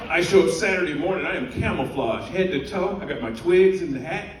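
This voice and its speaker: A man with a slightly high voice performs animated stand-up comedy. He is heard from far off in a very echoey room, with a lively audience clearly audible behind him. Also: normal speed, a little hiss or hum. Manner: animated storytelling with laughter. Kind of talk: stand-up routine. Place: cruise ship theater, live audience.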